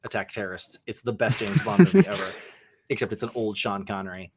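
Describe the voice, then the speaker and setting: This young man talks fast in a fairly low, darkish, expressive voice, with a little noise in the background. Enthusiastic and rambling, he fills his casual movie review chat with friends with fillers, much like a podcast host who gets swept up in his views.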